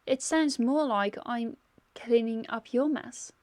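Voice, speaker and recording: A woman's voice: on the high side, slow pace, a little mellow, no room sound. A woman voicing a mocking villainous aunt. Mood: taunting. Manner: taunting, gloating.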